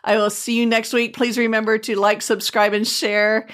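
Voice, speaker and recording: A woman's voice: fairly high pitch, level tone, moderate pace. Laughing, chatty woman hosting a talk show. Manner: chatty, laughs often, teasing. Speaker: show host and doctor. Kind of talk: casual chat.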